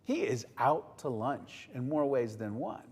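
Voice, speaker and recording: A man telling a story to children in a playful, animated way at a family service, addressing his listeners directly. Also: mid-range voice, unhurried, breathy edge. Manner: playful, talks directly to the audience. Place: synagogue sanctuary. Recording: long reverb of a large hall.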